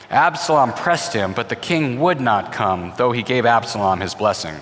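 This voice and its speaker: An expressive man retells a Bible story, speaking directly to his listeners. His mid-range voice rings in a long reverb, as in a hall. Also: mid-range voice, moderate pace, hardly any pauses. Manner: expressive, voices the characters, repeats words when restarting.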